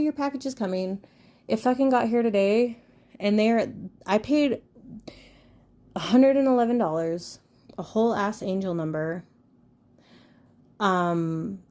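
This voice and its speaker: A woman in her thirties hosts a podcast in loose, casual chat. She rambles and swears freely, with a frank delivery and a voice of middling pitch. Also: warm tone. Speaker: podcast host.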